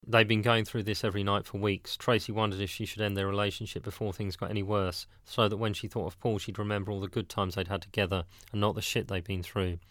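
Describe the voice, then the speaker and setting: A man narrating a dramatic story in a steady, plain storytelling manner. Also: lowish voice, fast talker, few pauses, dry recording, studio quality. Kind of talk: scripted narration.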